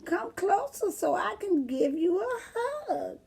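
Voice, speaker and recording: A woman's voice: very high voice, big pitch swings, slow pace, warm tone, pitched above the performer's own voice, exaggerated voice. A woman doing a scratchy sick granny voice. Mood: sickly. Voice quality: scratchy, creaky. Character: wolf disguised as a sick old grandmother.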